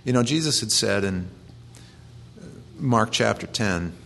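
A man's voice: on the low side, expressive, unhurried, vocal fry, a bit bright, a little hiss or hum. A man preaching a conversational sermon, earnest and plain-spoken as he quotes and explains scripture.

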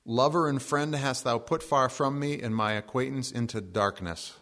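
Gravelly-voiced man preaching a sermon. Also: medium pitch, a bit bright. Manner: conversational and joking, reading scripture slowly. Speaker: pastor.

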